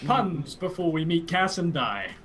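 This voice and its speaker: A man's voice: fairly high pitch, sing-song, a little slow, over a noisy crowd. A man playing a tabletop game, chatting casually, a bit hesitant and joking. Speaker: player. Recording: faint background noise.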